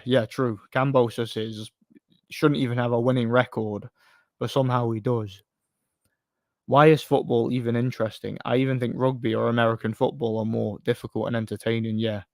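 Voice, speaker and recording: Man, stream host, middle-pitched voice, blunt and rambling, dry sound. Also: no echo. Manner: blunt, opinionated, rambling with restarts. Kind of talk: casual stream talk, reading chat.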